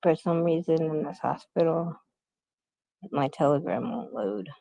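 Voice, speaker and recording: A woman's voice: low voice, animated, measured pace, gravelly, dry recording, muffled recording. A middle-aged woman livestreaming on her phone from a hospital room. She rambles casually and keeps greeting viewers by name. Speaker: YouTube livestream host.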